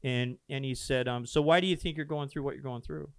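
A man with a smooth, resonant voice tells a personal story on a podcast. He is earnest and animated, acting out each quoted exchange. The sound is dry and close, with nothing heard behind him. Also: mid-range voice, brisk, no echo. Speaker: pastor telling a founding story. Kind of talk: casual storytelling conversation. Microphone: podcast microphone.

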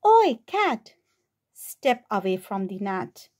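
A woman voicing a bossy male frog who makes up the rules, calling out loudly in a children's picture book reading. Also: mid-range voice, big pitch swings, slow. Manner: loud, shouting commands.

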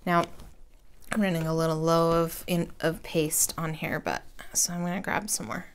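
A woman's voice: low voice, little pitch movement, normal speed, a little hiss or hum. A woman in her thirties chatting casually through a crafting tutorial at her home desk, rambling and self-deprecating with slangy asides. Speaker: crafting vlogger.

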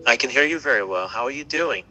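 A man giving a live product demo on a phone call outdoors by the water, talking haltingly with repeated words and fillers. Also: medium pitch, expressive, bright, forceful tone, faint music behind. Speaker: tech demo presenter.

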